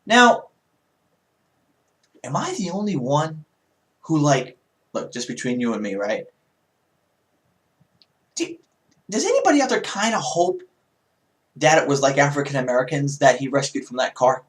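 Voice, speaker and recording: A man with a fairly high voice hosts his own online talk show. His pitch swings widely as he rambles and jokes sarcastically through the news. It sounds like a casual solo monologue into a home mic. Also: wildly swooping pitch, measured pace, long pauses. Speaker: YouTube talk show host. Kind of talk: casual political commentary monologue.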